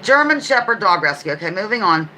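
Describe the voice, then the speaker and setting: Bright-voiced woman hosting a live trivia stream. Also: mid-range voice, big pitch swings, fast, a little hiss or hum, rough recording. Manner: chatty, playful asides, reads questions aloud. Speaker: livestream trivia host. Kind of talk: casual live-stream quiz chat.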